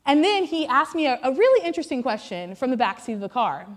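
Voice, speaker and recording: A woman's voice: high voice, sing-song, quick pace. A woman in her thirties, a pastor's wife, preaching to a congregation in a chatty, self-deprecating storytelling style. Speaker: pastor's wife giving a sermon. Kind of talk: humorous storytelling sermon. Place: on stage before a church congregation.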